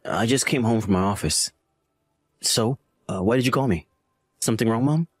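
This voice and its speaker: Man playing a shifty grown son, husky, defensive, pitch swings widely, dry close sound. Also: lively intonation, moderate pace, no room sound. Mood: sheepish. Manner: defensive, dismissive. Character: lying adult son, defensive, evasive.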